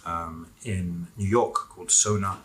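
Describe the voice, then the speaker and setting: A man in a relaxed interview, chatting enthusiastically about food and drink while eating. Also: low voice, unhurried, poor audio. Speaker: interview guest. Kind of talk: casual interview chat.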